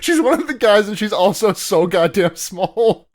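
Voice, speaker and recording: A man's voice: high-pitched, animated, normal speed. A man co-hosting a podcast, recapping an anime in casual chat with rambling, joking asides. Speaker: podcast co-host.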